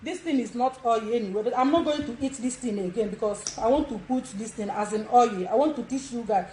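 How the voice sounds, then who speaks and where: A woman's voice: fairly high pitch, brisk, a little mellow, a little hiss or hum. A woman in her sixties with a Nigerian accent, giving bold instructions on a live video with frequent laughs. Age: 60s. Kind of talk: social media live demonstration. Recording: echoey room.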